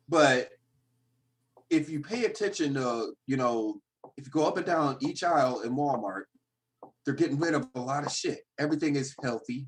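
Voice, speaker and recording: Guy on a podcast, normal pitch, keeps repeating himself, casual talk. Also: rough recording. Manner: stammering, repeats words. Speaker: podcast co-host. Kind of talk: casual chat.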